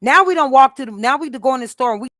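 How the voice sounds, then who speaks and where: A middle-aged woman hosting a live stream, telling a story in an animated, emphatic way with many restarts. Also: sits high, quick pace, no echo, clean studio sound. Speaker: host.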